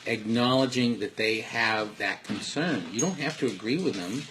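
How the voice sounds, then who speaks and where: A man's voice: medium pitch, normal speed, fairly bright tone, a little hiss or hum. A man at home giving earnest parenting and life advice in a casual, rambling way, full of restarts. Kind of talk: casual spoken monologue. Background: dogs and household sounds faintly.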